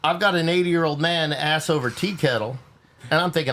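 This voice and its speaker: A man from California, hosting a podcast and telling a lively story, often repeating words as he gets going. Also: on the high side, fairly quick, slight background noise. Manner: animated, repeats words when excited. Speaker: podcast host. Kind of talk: casual storytelling.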